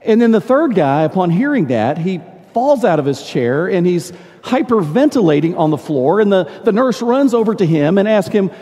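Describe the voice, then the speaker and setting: An older male pastor preaches and tells stories, warm and halting, often repeating a word while he looks for the next one. His voice sits a bit high but sounds mellow and soft-edged. A long church reverb trails after every phrase. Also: sing-song. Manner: warm, halting, repeats words when searching for them. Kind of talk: sermon with storytelling. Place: large church sanctuary.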